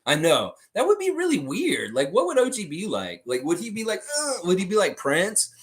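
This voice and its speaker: His voice is high and swings hugely in pitch, and he talks a little fast. As a casual livestream host, he curses freely and bluntly spars with his chat.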